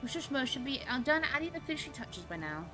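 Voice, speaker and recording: A woman's voice: high-pitched, very animated, fast talker, music in the background, pitched above the performer's own voice, low-quality recording. A woman voicing a polite, fussy restaurant manager who speaks in a formal, genteel way, reading game dialogue aloud.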